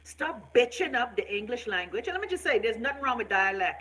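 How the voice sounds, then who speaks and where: A woman's voice: fairly high pitch, big pitch swings, a little fast, a bit bright, husky, poor audio. A woman from the Bahamas with a Bahamian accent, hosting a live online talk show in an outspoken, profane, casual style while reacting to viewer comments. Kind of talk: casual live-stream rant.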